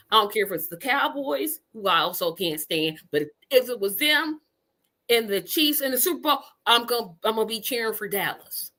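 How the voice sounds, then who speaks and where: Bright-voiced woman host in her fifties. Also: on the high side. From Indiana. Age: 50s. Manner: animated, emphatic, repeats words for effect. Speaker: podcast host. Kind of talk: casual chat.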